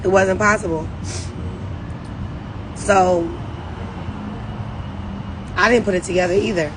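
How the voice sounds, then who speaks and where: A woman's voice: medium pitch, steady tone, slow pace, background noise. Rambling, emphatic woman on a livestream. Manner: rambling, emphatic, faith-driven pep talk. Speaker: network marketing team leader. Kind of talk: casual livestream talk. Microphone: phone livestream.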